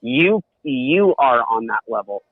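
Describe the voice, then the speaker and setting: Halting man on a dull, dry mic. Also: medium pitch, sing-song, no room sound. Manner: halting, repeats words, checks in with the listener. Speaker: podcast co-host. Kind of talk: casual podcast chat.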